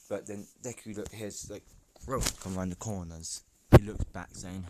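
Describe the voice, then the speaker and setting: Low-voiced rambling male storyteller. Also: steady tone, normal speed, heavy background noise. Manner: rambling, self-correcting, chatty asides. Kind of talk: improvised fan-fiction narration.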